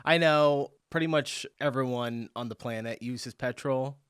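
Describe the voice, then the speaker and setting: Chatty man from Tennessee, reaction-video host, excitable and quick to laugh. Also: mid-range voice, smooth, no room sound, clean studio sound. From Tennessee, USA. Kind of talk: casual reaction commentary.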